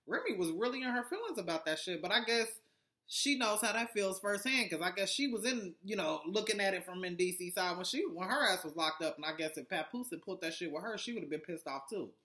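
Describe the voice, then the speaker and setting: A foul-mouthed vlogger recaps a reality show in loose, rambling talk full of fillers and restarts. The voice has a bright, tense edge. The delivery stays blunt and sarcastic throughout. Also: mid-range voice, expressive, fast. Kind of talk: casual episode recap.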